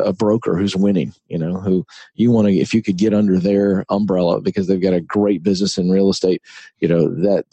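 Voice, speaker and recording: A man's voice: low-pitched, warm tone, breathy edge, no room sound. A middle-aged man, an author and broadcaster, speaking earnestly in an interview and telling stories with emphatic repetition. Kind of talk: conversational interview.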